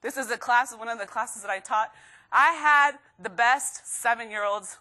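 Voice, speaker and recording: Woman motivational speaker, bright tone, slightly high voice, lively storytelling, live student audience. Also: moderate pace. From Texas, USA. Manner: lively storytelling with acted quotes and laughs.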